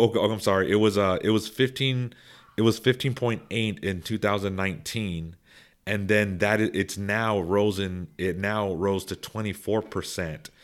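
This young man, whose voice sits on the low side, shares his views in casual podcast conversation. His talk wanders, with restarted sentences and repeated words, and he quickens or raises his volume when making a point.

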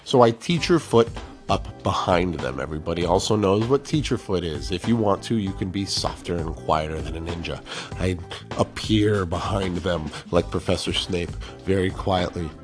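A man's voice: low voice, animated, normal speed, music in the background. A middle-aged male teacher telling a story from his classroom in a casual, self-mocking way, acting out the people he quotes.

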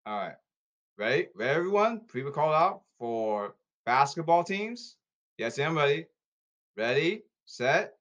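A man in a rambling monologue, repeating commands and calls, with loud bursts and sudden drops in volume. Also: fairly high pitch, very animated, measured pace, dull audio. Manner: repetitive, issuing commands and calls.

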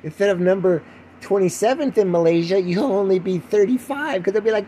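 A man's voice: sits high, brisk, dark tone, slight background noise. An older man hosting a rambling solo podcast, mocking himself while lying at home with the window open. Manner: rambling, self-mocking, breaks into mock voices. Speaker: podcast host.

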